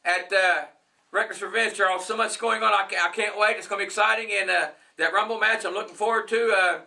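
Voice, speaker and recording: A man's voice: high voice, steady tone, fast talker, vocal fry, sharp tone. A man hosting a wrestling talk show, rambling and repeating himself as he promotes the event. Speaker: host.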